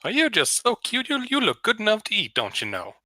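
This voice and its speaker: A man's voice: high voice, huge pitch swings, a little fast, bright, forceful tone, no room sound, pitched above the performer's own voice, heavily acted. A man voicing a genteel Southern-accented vampire who is smiley, drawling and barely hiding his hunger. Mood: mock-genteel. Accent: American Southern. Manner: overly smiley, drawling, mock-polite.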